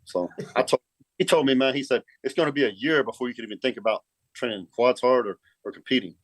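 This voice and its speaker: A man's voice: medium pitch, fast talker, no echo. A middle-aged man, telling a story in a casual, profane way and saying "man" a lot. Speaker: guest, pro bodybuilder.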